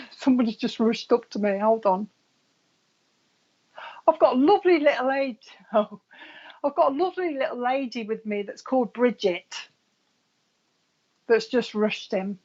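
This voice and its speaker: A woman's voice: on the high side, a little mellow, dull audio. A woman working as a psychic medium, giving a live reading in a chatty way with frequent laughs.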